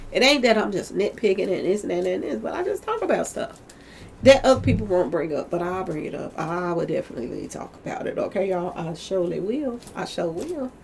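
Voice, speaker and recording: A woman with a slightly squeaky voice in a casual commentary monologue, candid and colloquial, who laughs often and keeps asking her viewers "okay, y'all?". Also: gravelly, slight background noise. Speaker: commentary vlogger.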